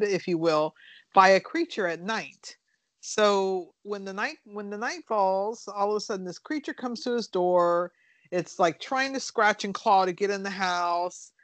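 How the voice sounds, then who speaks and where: A woman on a casual podcast walks through a horror film's plot in a loose, rambling way, peppered with fillers and the occasional curse. Her voice sounds dry and close, with no room echo. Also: mid-range voice. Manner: rambling, animated storytelling with fillers and swearing. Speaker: podcast co-host reviewing horror films. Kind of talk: casual chat, retelling movie plots.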